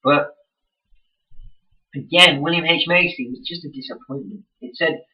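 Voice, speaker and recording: A man's voice: fairly high pitch, moderate pace, far from the mic, highs cut off. A young man in a casual vlog, ranting with heavy swearing and exasperation. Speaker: vlogger.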